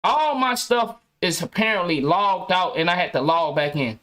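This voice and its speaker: A man's voice: high-pitched, animated, normal speed, pushed and bright. Slangy man ranting on a podcast. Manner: loose slangy talk with heavy cursing, frequent restarts. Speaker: podcast host. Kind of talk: casual rant to viewers.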